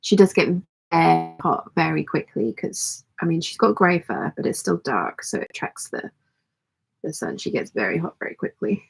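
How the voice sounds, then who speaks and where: Croaky, hoarse woman chatting while sewing. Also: deep voice, very animated, normal speed. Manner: rambling, self-deprecating, chatty. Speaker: sewing livestream host. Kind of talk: casual chat to live chat while sewing. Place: home sewing studio.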